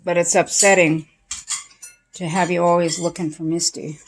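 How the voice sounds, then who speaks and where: A woman's voice: fairly low pitch, little pitch movement, normal speed, faint music behind. A woman vlogger chatting casually with family over dinner at home, fond and talkative.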